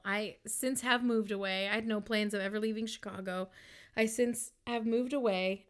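A woman's voice: medium pitch, clear, resonant tone. A woman giving an earnest personal testimony in a casual, heartfelt way, with many fillers like "um" and "like". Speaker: Christian speaker sharing a personal testimony.

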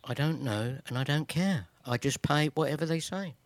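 A man's voice: fairly high pitch, normal speed, no echo. Man from britain, podcast guest, easygoing, agreeable, dry close sound. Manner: agreeable, laid-back, jokingly deferential. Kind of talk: casual chat.

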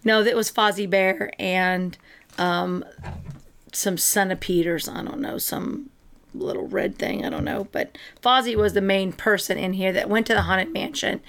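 A woman's voice: mid-range voice, fairly even intonation, moderate pace, fairly bright tone. A woman co-hosting a casual chat, talking in an enthusiastic, rambling way with many fillers. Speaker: co-host.

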